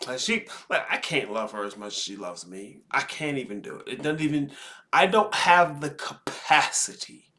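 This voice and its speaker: A man hosting, giving slow, reflective commentary with sighs and pauses. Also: mid-range voice, big pitch swings, sharp tone. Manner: slow, deliberate, sighing pauses. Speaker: host commenting on a podcast clip.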